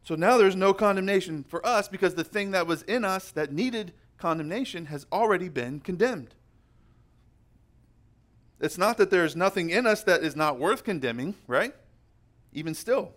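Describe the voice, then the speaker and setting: A man's voice: sits high, expressive, a bit bright. Emphatic young male pastor preaching. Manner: emphatic, slows down to stress key words. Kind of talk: sermon.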